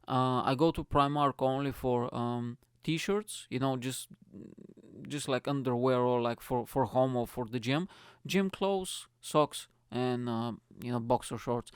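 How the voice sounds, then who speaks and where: A young man from Bulgaria hosting a comedy podcast, delivering a profane, animated, rambling monologue. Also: mid-range voice, unhurried, clean tone, dry recording, studio quality.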